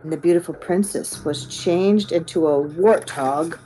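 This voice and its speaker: A woman's voice: fairly low pitch, measured pace, low-quality recording. Woman reading a storybook aloud. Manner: expressive storytelling. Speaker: reader. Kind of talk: reading a children's book aloud.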